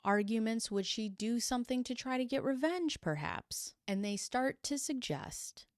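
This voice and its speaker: Animated woman retelling a true crime story. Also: a little high, no echo, clean studio sound. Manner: animated, acting out quotes in quick impressions; incredulous, sarcastic asides.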